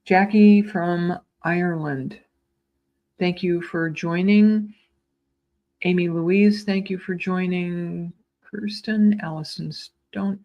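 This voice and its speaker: A woman giving live psychic readings, speaking in a tender, soothing way with gentle repetitions and small stumbles, calling viewers sweetheart. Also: fairly low pitch, steady tone, slow, lo-fi sound. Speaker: psychic medium.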